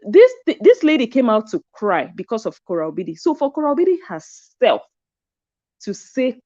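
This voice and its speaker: A woman's voice: a little high, sing-song, normal speed, mellow, muffled recording. A woman giving casual commentary, chatty and reflective. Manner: chatty and reflective, with frequent "hmm" reactions. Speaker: commentary vlogger.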